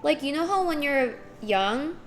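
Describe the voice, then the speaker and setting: A woman streamer in casual chat, reading chat aloud and acting out little voices with a giggly, animated manner. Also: high voice, measured pace, soft background music.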